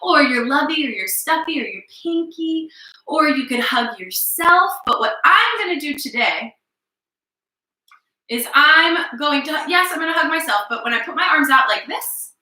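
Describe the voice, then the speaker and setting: A young woman leading a circle time lesson for small children, soft and encouraging, with slow spoken affirmations. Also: high voice, animated, echoey room, poor audio.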